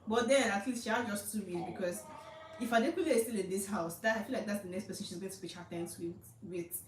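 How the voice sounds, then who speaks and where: Young Nigerian woman, chatty gossip recap, quick delivery, roomy distant sound. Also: mid-range voice, a little hiss or hum. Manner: fast, chatty, gossipy recap with many fillers. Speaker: reality show commentator. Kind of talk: casual commentary.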